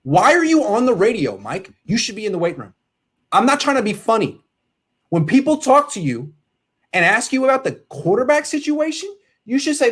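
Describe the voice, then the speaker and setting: A man's voice: extremely high pitch, big pitch swings, normal speed, fairly bright tone, slightly rough. A man hosting a casual sports talk show, ranting animatedly and reading out viewer comments.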